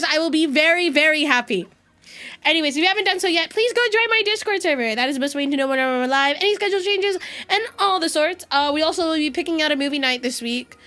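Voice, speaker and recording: A young woman chatting on a live stream, her voice high and bright. She sounds excitable and swears freely, and faint music plays behind her. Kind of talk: casual live-stream chat.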